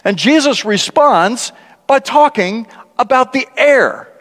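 Animated high-voiced male preacher. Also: slow pace. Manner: conversational, animated, laughs often, acts out quotes. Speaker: guest preacher. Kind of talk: sermon. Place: large church. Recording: church hall with long reverb.

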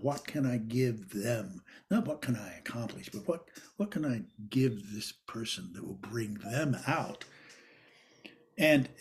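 An older man telling stories about a former teacher, rambling with many restarts and laughs, and sometimes acting out quoted lines loudly. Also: fairly high pitch. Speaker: interviewee recalling a former teacher. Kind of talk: anecdotal reminiscence.

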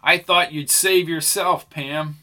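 A male narrator plays a ruthless outlaw in an audiobook western. He is curt and menacing, with a cold, scornful edge. His voice is slightly high and bright. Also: steady tone, slow pace.

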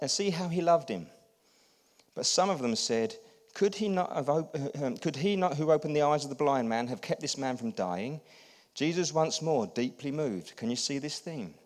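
A man preaching a sermon as a pastor, getting the congregation to repeat lines and swinging from hushed to loud. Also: medium pitch. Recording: long hall reverb.

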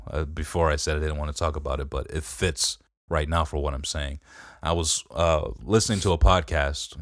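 A man's voice: rumbling low, dry recording, clean studio sound. A man hosting a podcast, rambling through a casual story and swearing freely. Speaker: podcast host. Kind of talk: casual chat.

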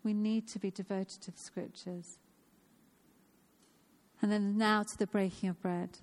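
A woman's voice: mid-range voice, little pitch movement, a little slow. A woman of fifty giving an informal, personal sermon in a church, earnest and repeating phrases for emphasis. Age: 50s. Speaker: church speaker.

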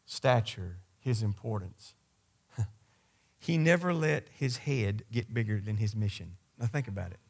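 A man's voice: mid-range voice, slightly rough. A man preaching a sermon as pastor, speaking in a conversational yet emphatic way and addressing the congregation directly.

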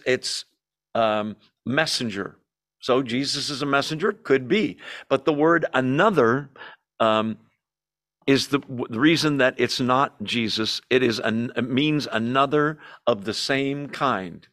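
A man's voice: mid-range voice, fairly bright tone. A man teaching a Bible study in a conversational way, explaining terms plainly with some fillers.

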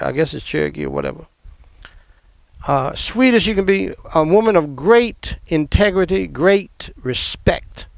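A middle-aged man from the American South telling a personal family story in an emphatic, animated way. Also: fairly high pitch, gravelly, no echo.

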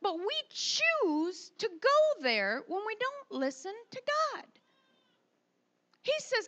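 Very high, bright-voiced woman preaching. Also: slow. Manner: animated, emphatic, swings from soft to loud. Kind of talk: sermon.

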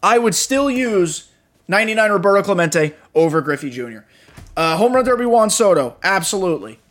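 A young man with a notably high voice talks through a casual gaming podcast. He is tired and a little drained, yet blunt and frustrated, dropping swears freely. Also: big pitch swings, fairly quick, a bit bright. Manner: blunt and profane, frustrated asides. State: tired, yawning. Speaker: podcast host.

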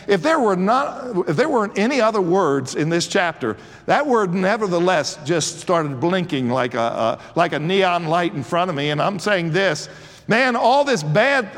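A man's voice: sits high, a bit bright, big-room sound. A man in his sixties preaching a sermon, swelling with fervor and often restarting his sentences. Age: 60s. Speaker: pastor.

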